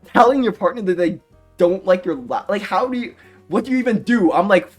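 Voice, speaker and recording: A man's voice: sits high, big pitch swings, brisk, soft background music. A young man chatting casually on a live stream, rambling off on tangents and swearing freely. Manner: rambling, goes off on tangents, swears, laughs often.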